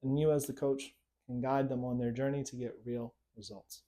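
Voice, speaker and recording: A man's voice: medium pitch, little pitch movement, normal speed, a little hiss or hum. A man, a hypnotist and coach, giving a conversational lesson to camera and checking in often with "right?" and "okay?". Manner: conversational, repeating tag questions like right and okay. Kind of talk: instructional talk to camera.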